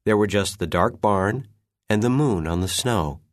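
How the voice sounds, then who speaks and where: A man narrating a children's story in an unhurried, expressive reading. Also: fairly low pitch, no echo, studio quality.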